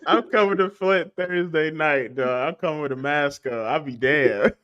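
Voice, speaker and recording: A man's voice: a little high, moderate pace, fairly bright tone, lo-fi sound. Laughing, joking podcast host man. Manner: laughs often, loose and joking. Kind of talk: casual chat.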